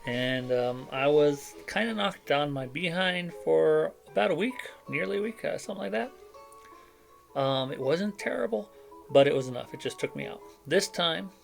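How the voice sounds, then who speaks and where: A man's voice: on the high side, lively intonation, moderate pace, gravelly, soft background music. A middle-aged man with a cough and headache, rambling in a casual chat at his home desk mic, with lots of fillers and self-deprecating asides. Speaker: vlogger. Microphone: desk microphone.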